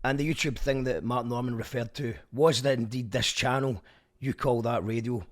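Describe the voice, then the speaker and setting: A male radio show host reads scripted links between clips in a dry, deadpan way. His pitch sits in the middle for a man. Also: normal speed. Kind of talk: scripted presenter link.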